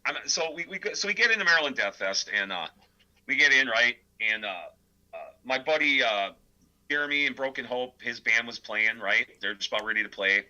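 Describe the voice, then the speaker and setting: A man from the American Midwest, a death metal vocalist and guitarist, appears as a podcast guest telling rambling stories in a casual interview. His voice is medium-pitched and brisk, and the recording sounds muffled. He comes across as animated and rambling, with plenty of filler words.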